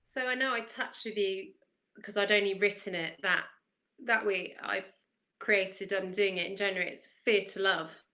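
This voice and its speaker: Heard over poor audio, a woman with a mid-range voice, fairly even intonation, a sharp tone and a moderate pace talks casually on a spiritual chat show. She's an intuitive coach and guest reader, reflective in manner and asking listeners questions in return.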